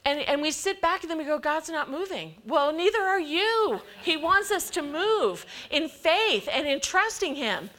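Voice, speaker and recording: Bright high-voiced woman preaching. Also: expressive, a little slow, few pauses. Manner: emphatic, acts out quoted voices of God and people. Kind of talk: sermon.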